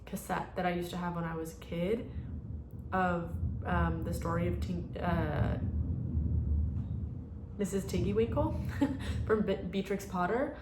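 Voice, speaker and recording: A woman's voice: lowish voice, measured pace, pauses often, reverberant, background noise. A woman around thirty chatting casually in a rambling vlog, full of "like" fillers. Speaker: vlogger. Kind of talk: casual chat.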